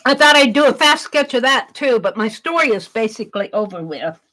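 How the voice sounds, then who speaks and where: A woman's voice: on the high side, lively intonation, fairly quick, fairly bright tone, low-quality recording. A woman chatting on a live art stream, talking through her sketch and reading viewers' comments aloud. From Wisconsin. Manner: chatty, reads chat aloud while sketching.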